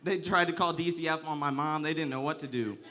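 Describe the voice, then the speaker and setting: A man's voice: a little high, quick pace, a bit bright. A young man performing a stand-up comedy set, telling crude, profane stories and often laughing through his lines.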